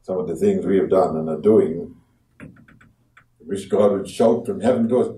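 A man preaching a sermon as pastor, dramatic, acting out quoted voices and swinging from hushed to loud. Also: sits low, moderate pace, pauses often. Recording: echoey room from far off.

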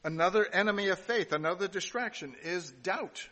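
A man's voice: high-pitched, moderate pace, bright, forceful tone, in a large hall. A man giving a sermon, reading scripture aloud and adding casual asides, with some restarts along the way. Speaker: pastor.

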